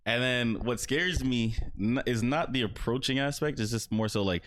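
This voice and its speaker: A man's voice: mid-range voice, moderate pace. Young man telling a story on a podcast. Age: young adult. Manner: animated storyteller, acts out quotes. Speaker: podcast co-host. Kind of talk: casual podcast chat.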